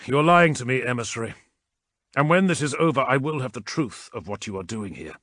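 Narrator playing a suspicious warlord captain, harsh and menacing, dry read. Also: male voice, mid-range voice, animated, fairly quick, a bit bright, no echo.

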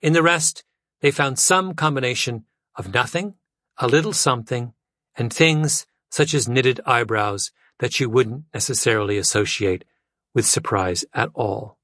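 A man reading a nonfiction audiobook in a measured way, letting his pitch fall low at the end of phrases. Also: fairly bright tone, no echo, clean studio sound. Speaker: narrator. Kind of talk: scripted nonfiction audiobook narration.

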